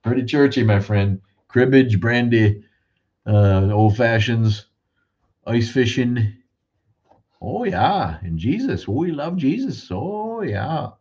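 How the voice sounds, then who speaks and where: A man's voice: medium pitch, very animated, slow, darkish tone, muffled recording, pitched above the performer's own voice. A man voicing a cheery churchgoing small-town local with a put-on Upper Midwest accent, in a folksy sing-song way. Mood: gushing.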